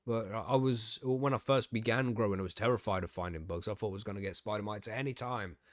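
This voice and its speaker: A man's voice: fairly low pitch, quick pace, no room sound, clean studio sound. A man hosting a casual podcast chat, joking around and laughing often. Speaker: podcast host.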